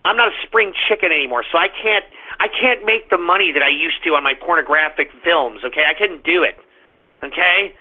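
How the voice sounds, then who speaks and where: A man's voice: fairly high pitch, brisk, pitched below the performer's own voice, close to an everyday voice. A man putting on a mocking impression of an aging adult-film actress, in a drawling, boastful voice. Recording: tinny phone-like sound.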